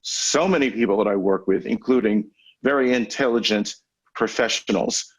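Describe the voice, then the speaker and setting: Guy coaching public speaking on a zoom webinar, kinda low husky voice, measured, lots of pauses. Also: poor audio. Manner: measured, conversational teaching with deliberate pauses. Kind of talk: webinar lecture. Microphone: video call microphone.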